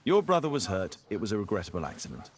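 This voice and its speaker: Cool, arrogant gentleman detective for a game; posh English accent, clipped and aloof, very melodic delivery. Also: fairly low pitch, huge pitch swings, fast talker, breathy edge, exaggerated voice. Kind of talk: video game voice acting.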